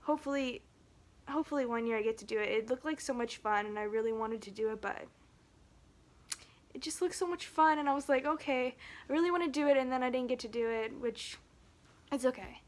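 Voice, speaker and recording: Woman vlogger, slightly high voice; halting, rambling phone-camera talk, emotional and close to tears. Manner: rambling and halting, with frequent restarts and nervous laughs.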